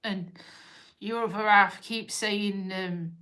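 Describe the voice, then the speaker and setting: A woman's voice: medium pitch, lively intonation, a little slow, a bit bright. A woman hosting a live stream, talking casually and emotionally, tearful and rambling as she interrupts herself. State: crying on and off.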